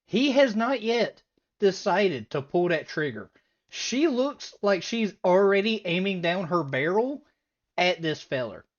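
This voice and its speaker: Animated woman reacting with disbelief. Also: medium pitch, unhurried, muffled recording. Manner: animated, incredulous, breaks into laughter. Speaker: reaction video host. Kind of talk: casual reaction commentary.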